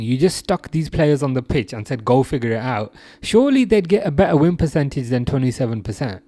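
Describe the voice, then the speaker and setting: A man's voice: medium pitch, expressive, fairly quick, few pauses, mellow, no echo. A young man from England hosting a casual live chat, reading out viewer comments, laughing often and restarting his sentences. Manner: chatty, laughs often, many restarts and fillers. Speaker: live stream host.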